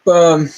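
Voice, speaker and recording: A man hosting a casual livestream, ranting in an animated way, laughing often and swearing freely. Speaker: livestream host.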